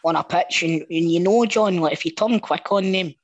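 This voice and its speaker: A Scottish man with a fairly high voice argues bluntly about football. He swears often and drops dry jokes, and the recording is dry and close. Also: moderate pace, dry recording, lo-fi sound. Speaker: podcast co-host. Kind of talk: casual chat.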